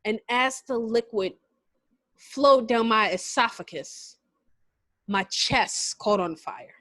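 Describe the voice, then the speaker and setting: A woman co-hosting a podcast, telling stories in a loud, animated way with bursts of shouting and laughter. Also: on the high side, slow, no room sound. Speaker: podcast co-host. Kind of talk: casual chat.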